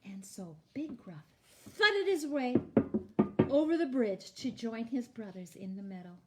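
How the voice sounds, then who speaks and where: A woman librarian reading a storybook aloud to young children in a playful, expressive way. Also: medium pitch, normal speed, heavy background noise.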